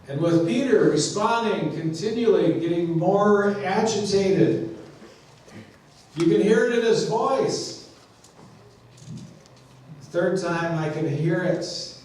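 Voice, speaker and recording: Male pastor, slow unhurried sermon delivery, playful acted-out dialogue, roomy distant church recording. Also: sits high, a little mellow, a little hiss or hum. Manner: conversational, acts out dialogue with playful humor. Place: church sanctuary. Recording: echoey church from a distant mic.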